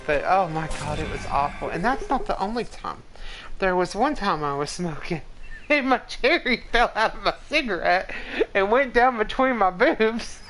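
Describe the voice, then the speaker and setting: A woman's voice: fairly low pitch, fairly bright tone, a little hiss or hum, rough recording. A woman in her forties telling rambling stories to a live chat as a game streamer. She laughs often mid-sentence and leans heavily on "like". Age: 40s. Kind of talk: casual storytelling to a live chat.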